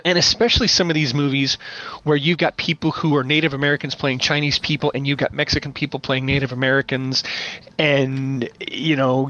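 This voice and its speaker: A man who runs tabletop games, chatting on a podcast as an animated storyteller. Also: fairly high pitch. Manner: animated storyteller, playful voice imitations. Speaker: podcast guest, game master. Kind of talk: casual podcast chat. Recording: dull lo-fi audio.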